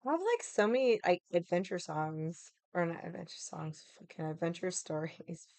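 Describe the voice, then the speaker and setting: A woman's voice: fairly low pitch, lively intonation, moderate pace, darkish tone, dry recording. Chatty swearing woman telling a story. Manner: chatty, swears a lot, many fillers. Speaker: livestream host. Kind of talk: casual storytelling to a live chat. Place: home room.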